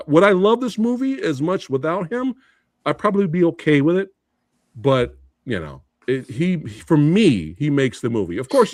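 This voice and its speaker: Animated, laughing man chatting about movies. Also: fairly high pitch, no room sound, clean studio sound. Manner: animated, laughing often, quoting lines. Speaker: podcast co-host. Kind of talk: casual movie debate chat.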